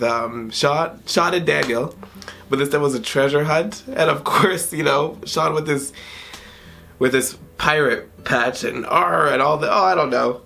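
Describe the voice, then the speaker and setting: A man in his twenties reviewing a video game in a vlog, tearful and emotional, halting and often trailing off mid-sentence, in a dim room at home. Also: mid-range voice, creaky, a bit bright. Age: 20s. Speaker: gaming YouTuber.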